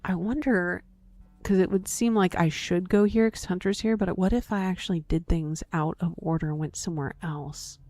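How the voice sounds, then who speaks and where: A woman's voice: lowish voice, steady tone, moderate pace, warm tone, faint music behind. A woman casually commenting as she plays a story game, reading its text aloud, talking to herself and her viewers, and reacting with surprise. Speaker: gaming video host.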